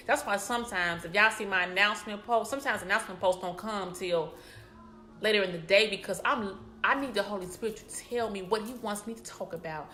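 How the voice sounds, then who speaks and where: A woman hosting her own live broadcast, speaking to viewers in a casual, repetitive, affectionate way. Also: mid-range voice. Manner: warm, repetitive and affectionate toward viewers, lots of "y'all".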